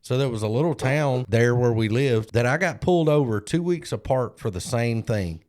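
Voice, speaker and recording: A man's voice: medium pitch, darkish tone. A man, co-hosting a podcast and telling a candid, self-deprecating story in casual chat. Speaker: podcast co-host.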